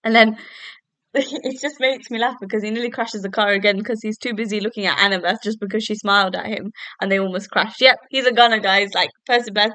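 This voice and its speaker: Young woman host, bright tone, dry close sound, rambling casual recap. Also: medium pitch, steady tone, a little fast, no room sound. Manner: chatty, with many fillers and self-corrections. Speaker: podcast host. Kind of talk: casual solo TV episode review. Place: at home.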